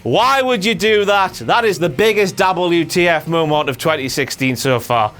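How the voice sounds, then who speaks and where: A man hosting a brash comedic rant, swearing and jumping between shouts and low mutters. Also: expressive, normal speed, faint music behind. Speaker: host.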